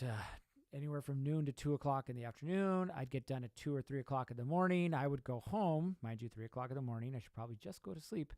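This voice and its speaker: A man's voice: medium pitch, dark tone, no room sound. A young man hosting a podcast, giving an emphatic motivational talk full of rhetorical questions and repeated points. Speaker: podcast host.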